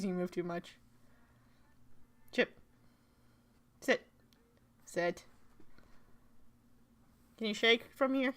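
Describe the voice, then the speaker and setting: A woman's voice: medium pitch, very slow, long pauses, fairly bright tone. A woman streaming a game live from home, chatting playfully with her viewers and her dog and laughing often. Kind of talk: live gameplay commentary.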